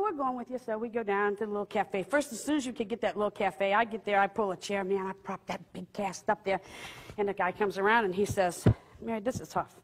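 A woman telling a personal story with animated delivery, laughing often and jumping into high excited outbursts. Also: long reverb tail, slight background noise. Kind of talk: testimony storytelling.

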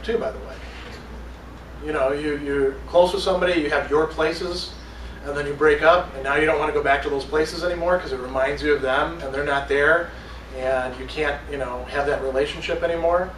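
A man's voice: a little high, a bit bright, slight background noise. A man teaching a college philosophy class in a casual, conversational way, reading passages aloud and explaining them to students. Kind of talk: classroom lecture. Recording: roomy classroom from a distance with faint ambience.

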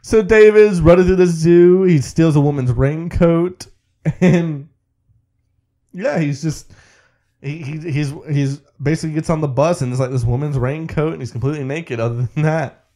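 Animated laughing male podcast host. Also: a little high, normal speed. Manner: animated storyteller, laughs often. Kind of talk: casual movie recap chat.

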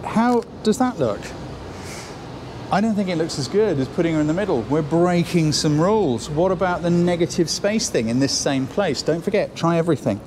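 A man's voice: fairly high pitch, animated, moderate pace, background noise. Chatty man teaching photography. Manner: chatty, encouraging, thinks aloud while shooting. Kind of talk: on-location photo lesson. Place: outdoors then inside a building on a shoot.

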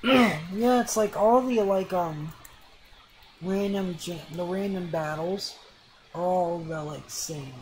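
A let's play gamer giving casual commentary, reading the game's dialogue aloud with sarcastic asides and clearing their throat as they come down with a cold. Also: mid-range voice, slow pace, a little hiss or hum, low-quality recording.

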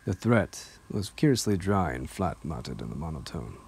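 A man narrating an audiobook in a steady, measured reading voice. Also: rumbling low, husky. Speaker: audiobook reader.

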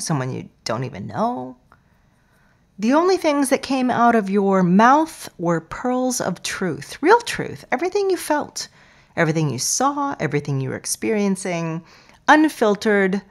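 A woman hosting a podcast, talking in a playful, expressive way and sometimes dropping to a soft near-whisper. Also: mid-range voice. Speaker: podcast host. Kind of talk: podcast intro monologue.

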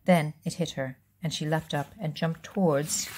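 A woman reading a children's novel aloud, relaxed, with casual asides and self-corrections. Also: low-pitched, a little slow, few pauses, slight background noise. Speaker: reader.

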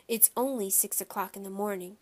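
A woman doing a calm, patient father. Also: mid-range voice, fairly quick, lightly acted. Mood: soothing. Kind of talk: audiobook character voice.

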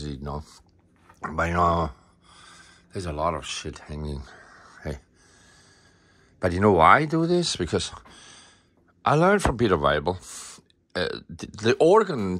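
A man's voice: low voice, a bit bright. A man, an artist musing aloud in a rambling, profane, self-interrupting monologue.

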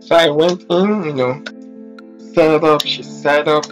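Brief: exasperated storytime ranter, swears freely, average pitch, faint guitar playing underneath. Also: unhurried. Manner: blunt, profane, exasperated. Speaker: storytelling vlogger. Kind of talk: casual storytime rant.

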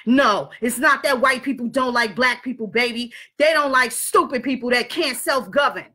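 A woman's voice: a little high, moderate pace. Profane, fiery woman ranting. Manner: profane, blunt and animated. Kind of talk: casual rant and storytelling.

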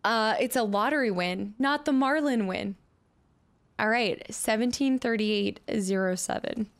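With a fairly high pitch and a slightly slow delivery, a female gaming streamer gives let's play commentary on her own game. She mumbles combinations of numbers to herself, banters with viewers, and frequently breaks into laughter.

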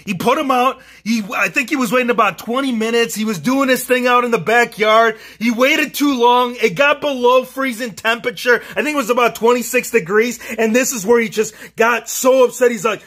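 A man's voice: very high voice, brisk, few pauses, bright, forceful tone. A man giving playful, joking voice-over commentary as a collector vlogger.

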